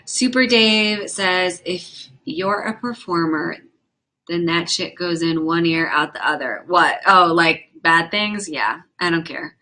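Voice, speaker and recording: A young woman hosts her own livestream, reading viewer comments aloud and answering them on the spot. Her voice sits a little low but sounds bright and forward. She talks in a chatty, frank rush and swears without a second thought. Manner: chatty, quick, frank and profane, reacts to chat. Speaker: livestream host and comedian.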